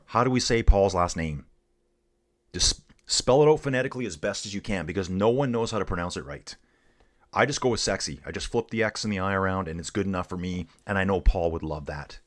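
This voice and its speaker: A middle-aged man from Canada hosting a live cycling stream, chatting casually and excitedly with viewers while commenting on the race. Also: on the low side.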